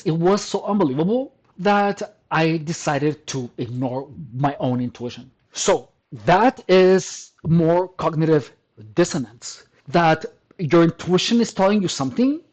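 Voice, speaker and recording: Talking directly to camera, this man, a personal trainer vlogger, delivers an emphatic, casual monologue full of repeated and restarted phrases, addressing his listener as "man" and "dude." The audio is poor, and his fairly high voice carries a darkish tone.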